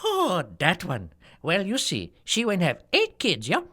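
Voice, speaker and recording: A woman's voice: on the low side, wildly swooping pitch, a little slow, fairly bright tone, full character voice. A woman playing an older island mother with a Hawaii Pidgin accent, chatting and rambling through family gossip.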